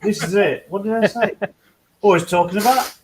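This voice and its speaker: A man's voice: sits high, normal speed, background noise. A man from the UK chatting casually with friends, rambling through stories, swearing freely and laughing at himself. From United Kingdom. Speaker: hangout host. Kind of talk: casual chat among friends.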